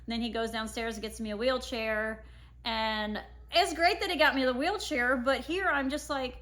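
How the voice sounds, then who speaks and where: A woman's voice: high-pitched, brisk, a bit bright. A woman in her thirties casually telling a personal family story, acting out her own past words.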